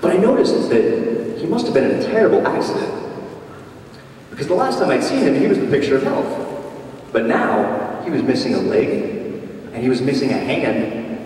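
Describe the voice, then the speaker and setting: A man giving a playful comic speech at a job club, telling a story with animated timing in a large meeting hall. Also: medium pitch, normal speed, long pauses. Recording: distant echoey hall, faint noise.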